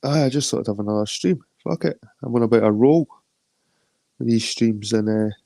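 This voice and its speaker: A man's voice: medium pitch, moderate pace, vocal fry, mellow. A middle-aged man with an Edinburgh Scottish accent chatting casually and profanely on a phone live stream, greeting viewers by name. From Scotland. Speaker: livestream host.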